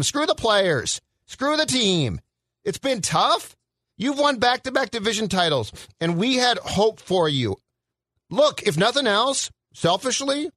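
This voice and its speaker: A man's voice: high voice, a bit bright, no room sound. A middle-aged man hosting a sports talk show, ranting in a sarcastic, exasperated and emphatic way. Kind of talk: heated sports radio rant.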